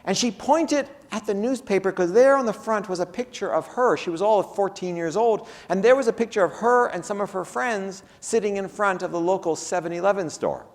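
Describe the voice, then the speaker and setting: A man's voice: high-pitched, fairly quick, hardly any pauses. A man giving a conference keynote, telling case stories and acting out the people in them. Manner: animated, acts out the people in his stories. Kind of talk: lecture with storytelling. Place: conference hall. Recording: long reverb of a lecture hall.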